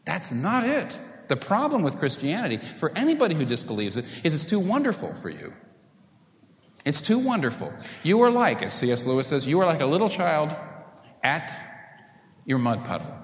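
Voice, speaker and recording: A male preacher delivers a sermon with a lively, swooping pitch, firing rhetorical questions at the congregation. His voice rings through a large hall with a long reverb tail. A faint hum of room noise sits underneath. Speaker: pastor.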